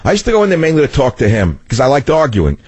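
A man with a New York accent hosting a talk radio show, talking loudly and combatively in a rambling monologue into a studio mic. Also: medium pitch, wildly swooping pitch, quick pace, slightly rough, no room sound.

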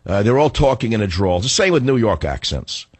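A low-voiced man rants sarcastically into a studio microphone, hosting his own talk radio show. He is still recovering from the flu and carries a cough. The sound is close and dry, with no room around it. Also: sing-song, a little fast, husky, no room sound. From northern United States. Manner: combative, ranting, sarcastic. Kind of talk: opinionated talk radio monologue.

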